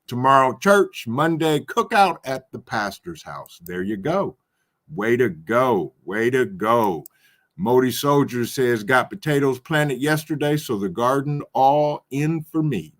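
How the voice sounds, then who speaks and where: Hosting a relaxed livestream chat, this man has a mid-range, slightly bright voice. He reads out comments from viewers, welcoming each person by name with a frequent chuckle.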